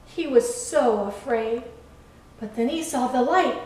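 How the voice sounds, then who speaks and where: A woman in a church setting reading a children's story aloud in a slow, expressive, kid-friendly way. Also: fairly high pitch. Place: church room. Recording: echoey room, far from mic.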